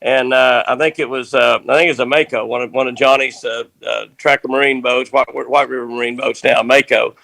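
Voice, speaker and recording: An older man, telling a rambling fishing story in a folksy, animated way. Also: medium pitch, brisk, creaky, hardly any pauses, dry recording. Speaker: fishing guest.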